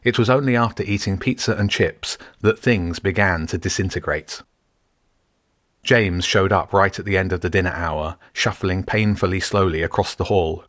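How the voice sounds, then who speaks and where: Deep-voiced man narrating a story. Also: no echo, studio quality. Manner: steady, measured storytelling. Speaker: audiobook narrator. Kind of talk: scripted narration.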